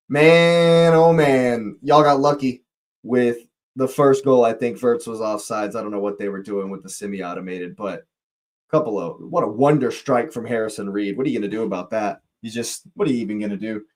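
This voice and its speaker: A man's voice: mid-range voice, normal speed. A man hosting a live watch-along, giving fan play-by-play commentary and talking to viewers in the chat, his voice leaping up at near chances. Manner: excitable, voice leaps up on near chances; chatty, greets and talks to chat viewers.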